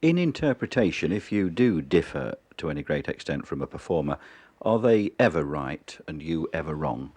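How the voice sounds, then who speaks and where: Deep-voiced male interviewer. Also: sing-song, a little mellow, no room sound. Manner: measured, formal questioning. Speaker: radio interviewer. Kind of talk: interview questions.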